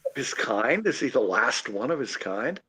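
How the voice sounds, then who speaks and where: A man's voice: medium pitch, very animated, normal speed, sharp tone, breathy edge. A man chatting casually as a podcast co-host about a monster movie, laughing often and sounding incredulous. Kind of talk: casual movie review chat.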